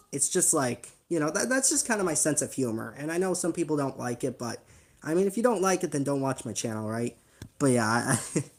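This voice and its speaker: Brief: male channel host, casual reaction commentary; rambling, self-deprecating, slangy. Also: fairly high pitch. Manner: rambling, laughing at himself, slangy. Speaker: channel host reacting to his old video.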